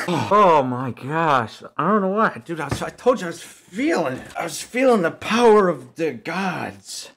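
Animated gamer guy, exasperated outbursts. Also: fairly high pitch, a little slow, slight background noise. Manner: exasperated, self-scolding outbursts. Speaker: gamer playing a hard level. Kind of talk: live gameplay reactions.

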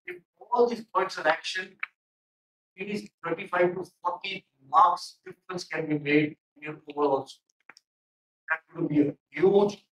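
A man's voice: a little high, far from the mic. A man giving stern feedback in a mock interview, with many fillers. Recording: echoey room, off mic.

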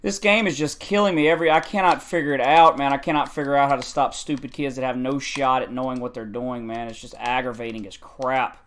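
A man's voice: medium pitch, steady tone, brisk, few pauses, a bit bright. A man giving frustrated, ranting gameplay commentary on a football video game, repeating his complaints over and over.

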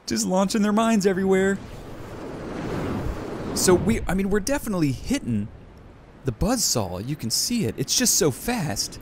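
Excitable young man narrating gameplay. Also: a little slow, long pauses, noisy background. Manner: enthusiastic, bursts of high excitement. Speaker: let's play host.

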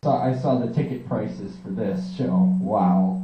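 A young man doing a rambling, energetic stand-up style monologue, talking fast and swearing often. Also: lowish voice, roomy sound, recorded from a distance, dull audio, noisy background. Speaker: comedian.

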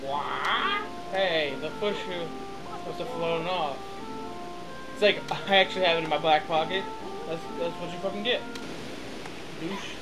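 A man's voice: fairly high pitch, a little slow, pauses often, music in the background, rough recording. A man playing a video game and commenting casually, flustered, laughing and cursing at the controls. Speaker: game player. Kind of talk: casual let's-play commentary.

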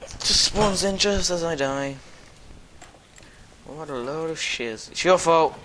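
An excitable young man talks over his gameplay in a slow, unhurried drawl. He mutters to himself, then bursts into sudden yelps and shouts. A faint hiss of noise sits behind him. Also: on the high side. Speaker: gamer commentating his play. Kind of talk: casual gameplay commentary.

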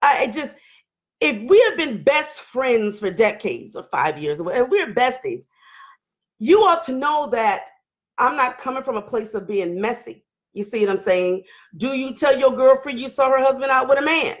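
A hoarse woman hosting a casual livestream, talking loud and candid while she reads viewer comments. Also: high-pitched, animated, moderate pace. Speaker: livestream host. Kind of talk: casual live chat reading viewer comments.

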